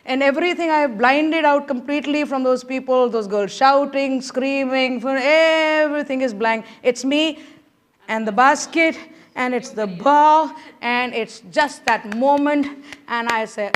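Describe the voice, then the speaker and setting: Woman speaker with a high voice, telling a lively anecdote at a conference. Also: unhurried. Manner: animated, acts out quoted voices, laughs while telling. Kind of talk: motivational storytelling talk. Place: conference hall stage.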